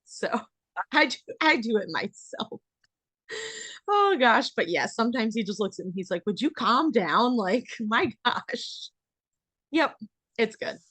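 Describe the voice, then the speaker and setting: A woman hosting a podcast, chatting in a bubbly, lively way and laughing often. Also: on the high side, unhurried, long pauses, husky, no echo. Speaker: podcast host. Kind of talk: casual interview chat.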